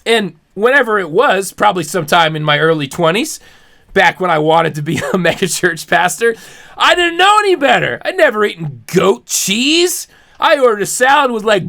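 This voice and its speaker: A man's voice: high voice, sing-song, measured pace, creaky, sharp tone. A man hosting a podcast, delivering an exaggerated, mock-preachy comedic rant and laughing often. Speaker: podcast host.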